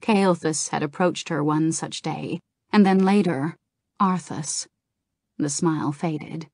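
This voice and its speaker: A woman narrates a fantasy novel in calm, even storytelling. Her voice is a little low and very slow, and the recording is dry and close. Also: vocal fry, dry recording. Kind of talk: audiobook narration.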